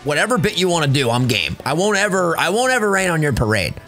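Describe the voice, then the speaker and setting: Animated joking man chatting while gaming. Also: fairly high pitch, fast, faint music behind. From Italian-American. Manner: joking, animated, playful bits. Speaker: gaming co-host. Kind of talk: casual gaming chat.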